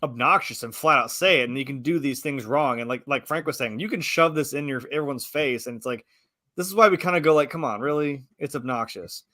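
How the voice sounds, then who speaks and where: Co-host, man in his thirties; casual, rambling, acts out reactions; bright tone. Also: medium pitch, a little fast, dry recording, studio quality. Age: 30s. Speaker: podcast co-host reviewing films. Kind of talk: casual chat.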